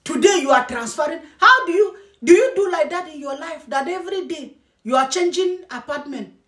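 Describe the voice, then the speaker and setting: A woman's voice: high-pitched, expressive, brisk, a bit bright. A woman vlogger giving scolding, mocking reaction commentary and repeating herself for emphasis. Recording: roomy echo.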